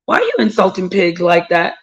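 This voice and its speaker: A woman's voice: on the low side, wildly swooping pitch, fairly quick, slightly rough, lo-fi sound. A woman hosting a casual livestream, greeting viewers by name and talking in a rambling, emphatic way. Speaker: livestream host reading viewer chat.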